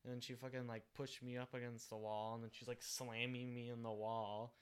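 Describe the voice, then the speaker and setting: A young man chatting casually, halting with fillers and swearing now and then. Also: mid-range voice, flat delivery, clear, resonant tone. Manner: hesitant, many fillers, swearing. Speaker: guest. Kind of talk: casual chat.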